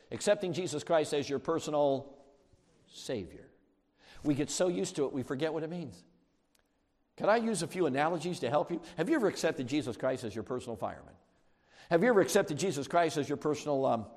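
A man preaching a sermon as pastor, shifting from quiet asides to shouted peaks. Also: mid-range voice. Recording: long hall reverb.

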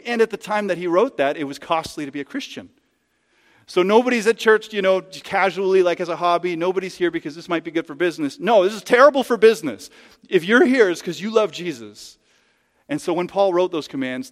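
A man preaches from the pulpit with a slightly high voice and a conversational, emphatic delivery. His words ring out with a long church-hall reverb. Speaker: pastor. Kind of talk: sermon. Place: church sanctuary.

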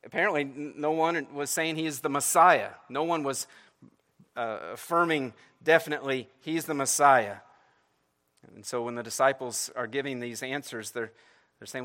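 A man's voice: medium pitch, moderate pace, pushed and bright. A man preaching a sermon in a conversational way, often restarting phrases and checking in with "right?". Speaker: pastor.

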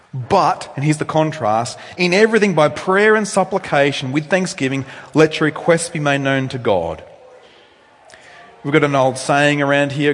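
A male pastor preaches in a relaxed, conversational way, tossing in asides to the congregation. His voice sits a little high for a man and swings from loud, lifted emphasis to hushed, low tones. A long reverb rings around him in a church hall. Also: a little hiss or hum. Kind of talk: sermon.

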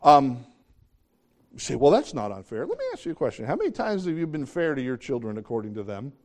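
A man's voice: medium pitch, very animated, fast talker, a little mellow. Earnest male preacher mid-sermon. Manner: earnest, emphatic, asks the congregation questions. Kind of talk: sermon with scripture reading.

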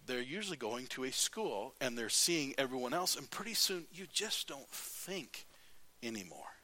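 A man preaching a sermon as pastor, telling stories in a lively way and reading scripture aloud. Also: mid-range voice, moderate pace. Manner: animated storytelling, then plain scripture reading.

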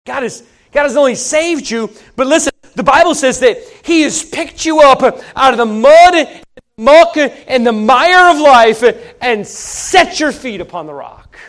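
High-voiced animated male preacher. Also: unhurried. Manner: animated, emphatic, folksy preaching with repetitions. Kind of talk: sermon.

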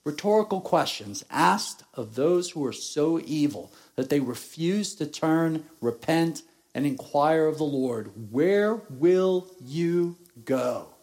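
A man preaching a sermon, reading scripture and explaining it slowly and deliberately, rising in force at times. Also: on the high side, lively intonation, a little mellow. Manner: slow, deliberate preaching, rising in intensity at points. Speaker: pastor.

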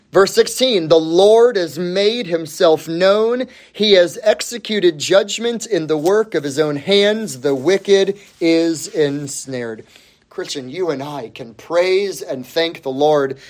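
A pastor delivering a sermon to his church, a man speaking slowly and deliberately. He hammers home repeated phrases and lets his voice sink at the close of each line. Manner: slow, emphatic preaching with repeated phrases and sweeping drops in pitch.

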